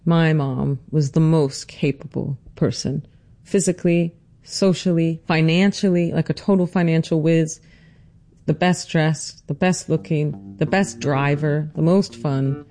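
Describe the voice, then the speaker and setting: A narrator telling a personal family story and interviewing their mother, measured and reflective. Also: mid-range voice, fairly even intonation, warm tone, faint music behind.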